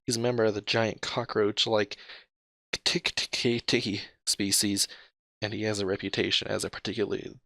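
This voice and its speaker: Male reader, casual interactive-story narration, bright tone, dry close sound. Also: lowish voice, flat delivery, moderate pace, vocal fry, no echo. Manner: chatty, comments on his own slips and laughs mid-read. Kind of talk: casual read-aloud narration.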